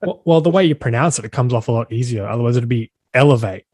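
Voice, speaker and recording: A man hosting a podcast, asking questions in a relaxed, casual way. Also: medium pitch, breathy edge, no room sound, clean studio sound. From Australia. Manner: relaxed, quick quiz-style questions. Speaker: podcast host. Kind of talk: casual interview chat.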